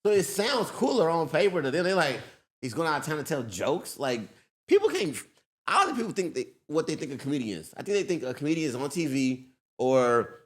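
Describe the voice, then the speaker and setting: A male comedian in casual podcast chat, laid-back, jumping into high-pitched impressions of people. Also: very animated, fairly quick.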